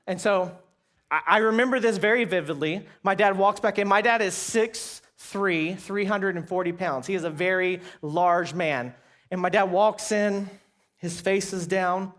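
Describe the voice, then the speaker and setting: A man's voice: high voice, normal speed, fairly bright tone. A pastor delivering a sermon in a conversational, storytelling way, talking straight to his listeners. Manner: conversational, many fillers and restarts, addresses audience.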